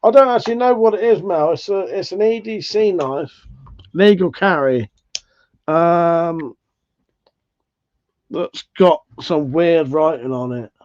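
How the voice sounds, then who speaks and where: A man's voice: on the high side, takes it slowly, long pauses, darkish tone. Tired male streamer, laid-back and sweary, on a dull lo-fi mic. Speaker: livestream host. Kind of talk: casual live chat.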